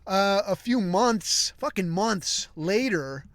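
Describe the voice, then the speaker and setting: A man hosting a podcast, telling a long comic story in a rambling, crude way with deadpan asides. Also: high-pitched, slow, no echo. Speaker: podcast host.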